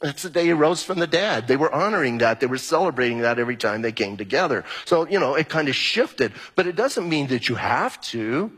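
A man's voice: medium pitch, expressive, brisk, hardly any pauses, fairly bright tone, slightly rough. A man preaching a sermon as pastor, talking conversationally and repeating key phrases for emphasis. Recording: long hall reverb.

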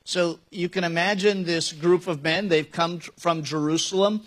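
A pastor with a notably high voice delivers a sermon in a church sanctuary. He talks conversationally but grows emphatic, throwing rhetorical questions to the congregation and slipping in wry jokes. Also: steady tone, moderate pace.

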